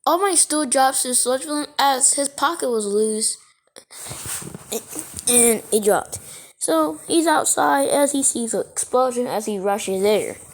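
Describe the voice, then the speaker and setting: A woman's voice: high-pitched, expressive, unhurried. A woman casually retelling a fan story as narrator, rambling and correcting herself as she goes.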